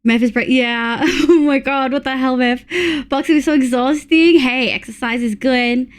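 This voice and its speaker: A young Australian woman streaming live, her voice sitting high and moving at an unhurried pace. She talks casually and excitably to her chat, swearing freely and thanking viewers. The delivery is loose and chatty, with plenty of fillers.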